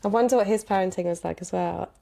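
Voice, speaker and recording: A woman's voice: mid-range voice, fast talker, vocal fry, warm tone. A woman, hosting and reflecting thoughtfully in a casual chat.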